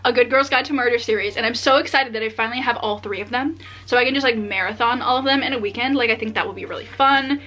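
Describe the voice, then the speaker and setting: A young adult woman vlogging casually as she unboxes books, excitable and chatty with many filler words. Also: on the high side, quick pace, few pauses. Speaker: book vlogger.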